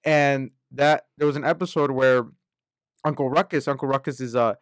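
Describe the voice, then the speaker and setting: A man's voice: medium pitch, steady tone, normal speed, no echo, studio quality. A man in casual conversation, telling a story animatedly and acting out the voices of the people in it. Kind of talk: casual chat.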